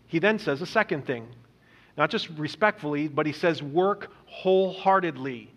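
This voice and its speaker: A man preaching a sermon as pastor, earnest, stumbling over repeated words and slowing down to stress quoted lines. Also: fairly high pitch, fairly bright tone. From Indonesia. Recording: dull lo-fi recording in a reverberant hall.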